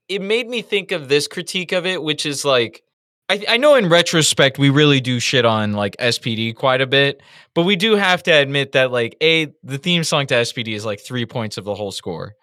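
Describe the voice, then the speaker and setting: A man co-hosting a casual review podcast, telling stories in an animated, profane way. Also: fairly high pitch, moderate pace, no room sound, clean studio sound. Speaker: podcast co-host.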